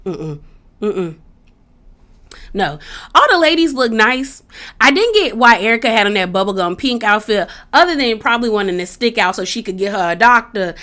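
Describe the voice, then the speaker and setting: A woman talks through a reality show episode in a relaxed, slangy way and laughs freely as she goes. Her voice sits a little high and rings bright and forceful. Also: moderate pace. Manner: chatty, animated, laughs often; casual slangy speech. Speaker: reality TV recap vlogger. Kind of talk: casual commentary.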